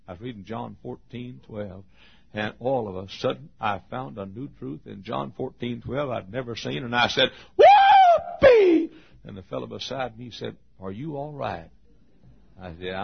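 A male pastor preaching a sermon with emotional storytelling, swinging from hushed tones to shouts. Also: lowish voice, moderate pace, gravelly, breathy edge. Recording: dull lo-fi sermon recording.

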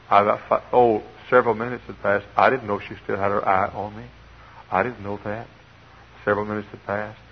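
An older man from Texas, preaching a folksy sermon with dramatic swings from hushed to shouting. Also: lowish voice, creaky, slight background noise. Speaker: pastor. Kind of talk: sermon with storytelling. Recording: dull lo-fi sound.

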